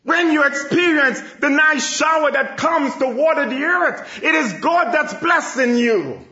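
A man with a very high, bright voice preaches slowly and emphatically, swelling into shouts. The sound is echoey and a little dull and lo-fi. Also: lively intonation. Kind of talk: sermon.

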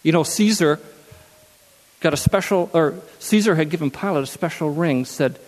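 A man's voice: fairly high pitch, moderate pace, big-room sound. A man preaching a sermon who reads scripture aloud and then repeats key phrases for emphasis.

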